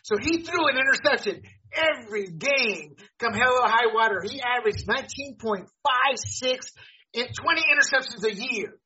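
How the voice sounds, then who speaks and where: A man's voice: very high-pitched, expressive, normal speed, pushed and bright. A man hosting a casual sports talk show, blunt and joking. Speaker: podcast host. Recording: dull lo-fi audio.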